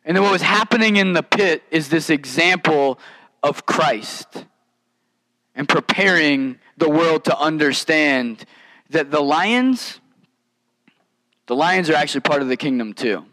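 Animated, conversational male preacher. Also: fairly high pitch, measured pace, low-quality recording. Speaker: pastor. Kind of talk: sermon.

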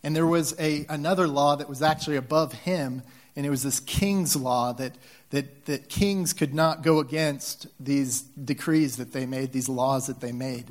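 A man's voice: medium pitch, normal speed. A man preaching a sermon in a conversational way, with many restarts and with emotional swells in his voice. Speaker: pastor.

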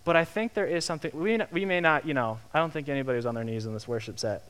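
A young man preaching a sermon in a lively, conversational way, acting out the quotes he tells. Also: on the high side, racing, clear, resonant tone. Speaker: pastor.

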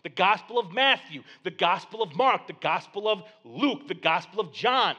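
A male pastor delivering a sermon, swinging from hushed, low passages to loud, excited proclamations. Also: normal speed, few pauses, breathy edge. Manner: dynamic preaching, dropping to hushed tones then rising to loud exclamations.

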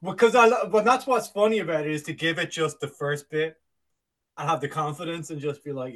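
A man co-hosting a casual podcast, his voice sitting a bit high for a man. He jokes constantly, drifts into silly put-on voices, and laughs his way through stories. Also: a little fast. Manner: jokey, puts on silly voices and accents, laughs a lot. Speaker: podcast co-host. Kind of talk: casual banter.

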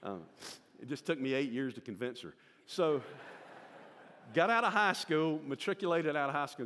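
Man in his 60s, Southern American accent, church testimony, folksy storyteller, mid-range pitch, long hall reverb. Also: a bit bright. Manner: folksy storyteller, acts out the voices in his stories.

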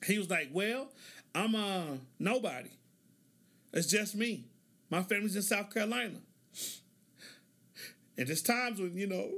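A man's voice: high-pitched, a little slow, pauses often, pushed and bright. A middle-aged man hosting a casual monologue, telling stories in a laid-back way, laughing often and acting out the lines of the people in them. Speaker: podcast host.

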